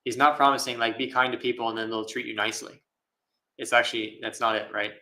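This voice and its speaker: A male Buddhist monk with a bright, clear voice gives an easygoing live question-and-answer talk. He speaks thoughtfully, laughs often and pads his phrases with fillers. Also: mid-range voice, steady tone, quick pace, rough recording.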